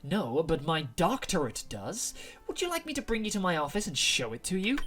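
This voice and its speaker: A playful young woman professor with a lively, bouncing voice, as a man puts her on. She is confident and teasing, her tone bright and forward. Faint game music plays behind. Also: sits high, normal speed, pitched above the performer's own voice, heavily acted.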